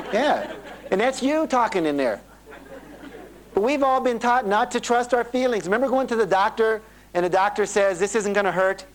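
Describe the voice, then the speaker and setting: Animated man giving a seminar talk. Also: sits high, poor audio. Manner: animated storytelling, acting out quoted voices. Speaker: seminar speaker. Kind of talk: motivational seminar talk to a live audience. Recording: 1980s cassette tape of a live seminar.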